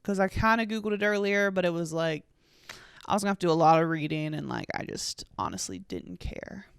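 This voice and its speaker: A woman's voice: lowish voice, lively intonation, fairly quick, creaky, smooth, no room sound. A young woman in her twenties from the United States, hosting a casual solo podcast in a rambling, sweary, sarcastic way full of fillers. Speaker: podcast host.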